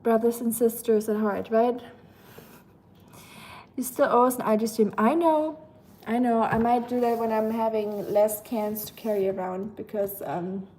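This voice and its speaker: A woman's voice: fairly high pitch, dark tone, slight background noise. A young German woman hosting a casual livestream, chatting with viewers and rambling with lots of fillers, sounding tired. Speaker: livestream host. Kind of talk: casual livestream chat reading comments.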